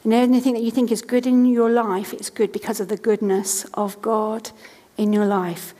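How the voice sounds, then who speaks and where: Woman, 30s, preacher on a church stage; slightly high voice, chatty then earnest and repetitive, hall reverb. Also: level tone, moderate pace, dark tone. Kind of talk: sermon.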